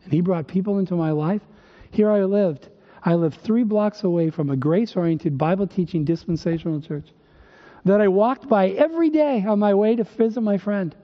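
A man's voice: high-pitched, moderate pace. An older male pastor from northern Minnesota, preaching emphatically with rhetorical questions and dry humor. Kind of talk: sermon. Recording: dull recording with long hall reverb.

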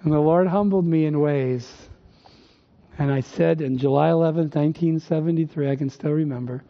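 An older pastor from northern Minnesota delivers an emphatic sermon full of rhetorical questions and dry humor. His voice is fairly high and a little fast. The recording sounds dull and carries a long hall reverb.

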